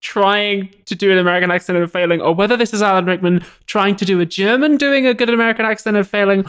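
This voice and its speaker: A podcast co-host recaps a film in an easygoing chat and breaks into animated, sweary rants. The voice sits at a middling pitch. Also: quick pace, clear, resonant tone.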